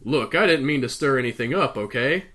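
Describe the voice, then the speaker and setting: A woman's voice: a bass voice, lively intonation, brisk, a bit bright, heavily acted. A man voicing a blunt, angry woman scientist who snaps scornful insults while reading a storybook aloud. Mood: indignant.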